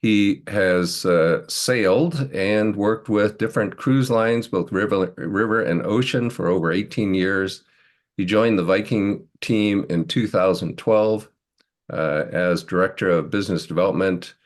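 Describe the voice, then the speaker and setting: A man's voice: lowish voice, measured pace. A man hosting a webinar, introducing the next speaker with many hesitant fillers. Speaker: webinar host.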